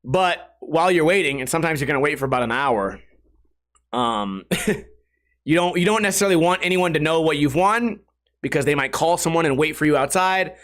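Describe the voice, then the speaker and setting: Guy rambling thru bar stories on his podcast, kinda high voice, laughs a lot. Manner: rambling, animated, laughs through stories, swears casually. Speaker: podcast host. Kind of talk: casual solo podcast storytelling.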